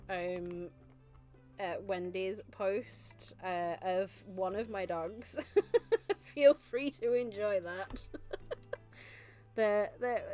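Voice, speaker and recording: A woman streaming live as a vtuber chats casually, gushing and laughing a lot. Her voice is warm and medium-pitched, with faint music playing in the background.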